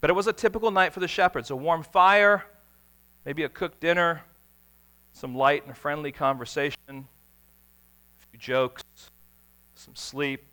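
A man preaching a sermon, telling stories with dramatic swings between hushed, quiet passages and sudden shouts. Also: fairly high pitch, measured pace, long pauses. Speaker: pastor.

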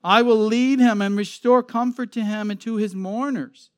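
A man's voice: high-pitched, steady tone, normal speed, clean tone, no room sound, studio quality. A man giving an expository sermon, reading scripture aloud and explaining it in an earnest, emphatic way. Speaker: preacher. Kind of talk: sermon, expository Bible teaching.

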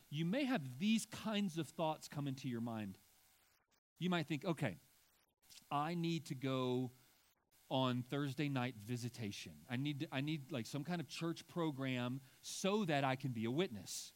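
A man preaching a sermon as pastor, stressing key words and slowing down for emphasis. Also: fairly high pitch.

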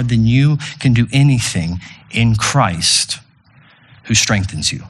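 Slow and animated, this man's medium-pitched voice carries a breathy edge. As pastor in a church room, he earnestly leads his congregation through communion and prayer, repeating phrases and restarting with stumbles.

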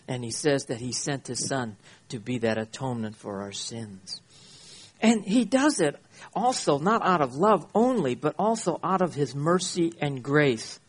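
A man pastor preaching a sermon, emphatic, often checking in with his listeners and reading scripture slowly. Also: fairly high pitch, lively intonation, breathy edge. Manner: emphatic, checks in with "You see?" and "Okay?"; reads scripture slowly and deliberately.

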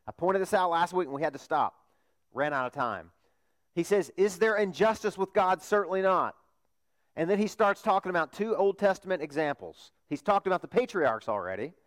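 Conversational male pastor preaching. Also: on the high side. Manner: conversational, asks the congregation rhetorical questions. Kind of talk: sermon.

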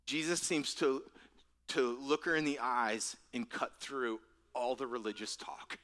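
A man's voice: medium pitch, measured pace, a bit bright. A man preaching a sermon in an earnest, conversational way, often repeating words and dropping to a near whisper for emphasis. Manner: repeats words and restarts phrases. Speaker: pastor.

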